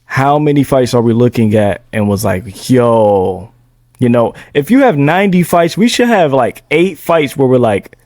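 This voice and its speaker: A young man co-hosting a podcast in a casual sports debate, talking in a laid-back, measured way and dropping in "bro" and "man". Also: medium pitch, animated, darkish tone, dry recording, studio quality. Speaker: podcast co-host.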